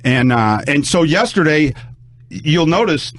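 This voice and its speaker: A man's voice: a little high, animated, a little slow, dry recording, studio quality. A man talking casually on a podcast, rambling and swearing, sounding sore and worn out. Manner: rambling, profane, restarts often.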